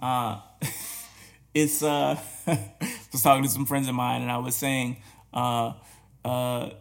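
A man's voice: medium pitch, level tone, slow pace, gravelly. A man hosting a podcast, talking earnestly and challenging listeners with repeated rhetorical questions, with restarts and short laughs. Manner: many restarts and hesitations, soft laughs. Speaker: podcast host. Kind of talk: reflective spoken commentary.

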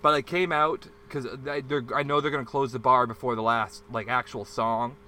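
A young man in casual chat, swearing freely as he tells a rowdy story and loudly acts out the arguments in it. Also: mid-range voice, fairly even intonation, normal speed, a little hiss or hum. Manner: acts out quarrels in a loud shouting voice.

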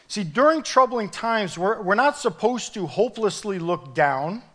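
A male pastor preaching a sermon in an animated, emphatic way, pushing his voice up at key points. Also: high-pitched, moderate pace, hardly any pauses.

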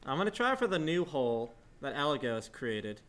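A man's voice: medium pitch, very animated, normal speed, fairly bright tone. A man playing in a tabletop game, joking often during casual chat. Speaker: player.

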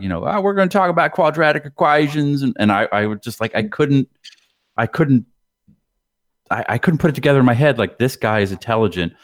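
A low-pitched middle-aged man from New England talks loosely on a podcast, circling back and restarting his sentences. The sound is close and dry. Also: no room sound. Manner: rambling, restarts often. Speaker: podcast host. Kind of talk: casual podcast chat.

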